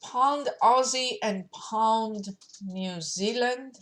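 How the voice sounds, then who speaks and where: A woman streaming her forex trades, thinking aloud as she clicks through charts, with many pauses and fillers. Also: on the high side, fairly bright tone. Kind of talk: live screen-share trading commentary.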